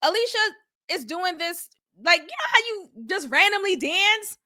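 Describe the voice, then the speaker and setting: Her voice is very high and her pace normal as this young adult woman hosts a lively, casual recap of a reality show. She frequently laughs and acts out quotes from it.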